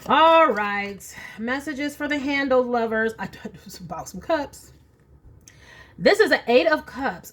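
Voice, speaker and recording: Chatty tarot-reading woman, higher voice. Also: sing-song, measured pace, fairly bright tone. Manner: chatty, thinking aloud while shuffling and drawing cards. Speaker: tarot reader. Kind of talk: casual card-reading chat. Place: home.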